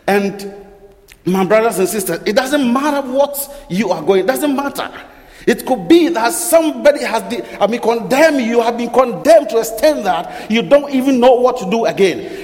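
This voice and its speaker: A man's voice: very high-pitched, expressive, normal speed, darkish tone. A man preaching a sermon, firing rhetorical questions, repeating phrases and correcting himself as he goes. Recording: long reverb of a large hall.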